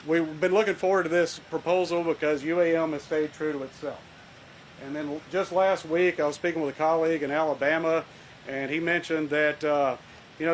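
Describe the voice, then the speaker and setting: A man, a college dean giving opening remarks at a ceremony, folksy and halting with many fillers, heard over an echoing outdoor sound system. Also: a little high, slight background noise. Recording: echoey public address from afar.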